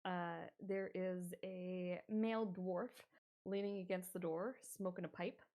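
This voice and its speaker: Low-voiced woman running a tabletop game. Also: a little slow. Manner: relaxed, hesitant with fillers. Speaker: game master.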